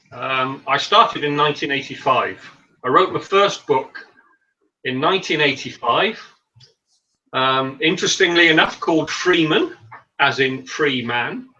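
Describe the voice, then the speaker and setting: Bright-voiced man on a distant video call. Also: fairly high pitch, lively intonation, a little slow, highs cut off. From Wales. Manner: self-deprecating, chatty with frequent ums. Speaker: author guest. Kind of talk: casual video-call interview. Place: home, via video call.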